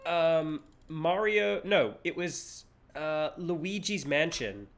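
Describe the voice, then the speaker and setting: A man's voice: fairly high pitch, animated, slow. A man streaming a game live, chatting playfully, laughing often and swearing casually, at a desk mic.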